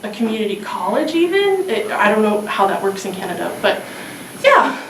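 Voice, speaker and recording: A woman's voice: medium pitch, very animated, normal speed, fairly bright tone, reverberant, far from the mic, slight background noise, rough recording. A woman telling a comic personal story onstage, self-mocking and hesitant, with many fillers. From Los Angeles area.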